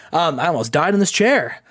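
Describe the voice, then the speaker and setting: A man with a notably high voice narrates a wrestling game for his co-host in a loose, chatty way. He rambles, stumbles over fillers, and breaks into laughter. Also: fairly bright tone. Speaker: let's play host.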